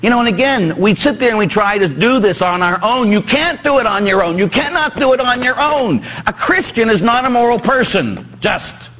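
A man's voice: moderate pace, few pauses, rough recording. A man with a Pittsburgh accent, a priest preaching a joking, emphatic sermon to his congregation in a church. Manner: animated, joking with congregation, rising emphatic pitch.

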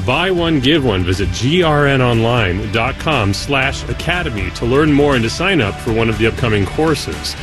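A man's voice: mid-range voice, lively intonation, normal speed, few pauses, music in the background. A man announcing on a radio show, reading promotions in an upbeat way. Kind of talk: announcement read.

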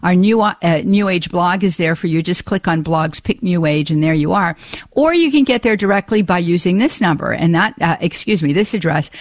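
A woman's voice: fairly low pitch, moderate pace, no echo. A woman hosting a live call-in radio show, talking in a chatty way with many filler uhs and restarts. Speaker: radio talk show host.

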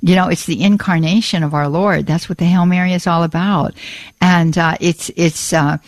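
A woman hosting a call-in radio show, effusive and warm with praise, often repeating her words, on a studio mic. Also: on the low side, steady tone, moderate pace, no echo. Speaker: radio talk show host.

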